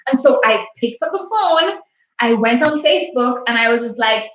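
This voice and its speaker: A woman's voice: on the high side, expressive, moderate pace, a bit bright. A woman in her late twenties hosting a livestream, telling a personal story in a candid, heartfelt, chatty way. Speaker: livestream host. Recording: echoey, distant and muffled.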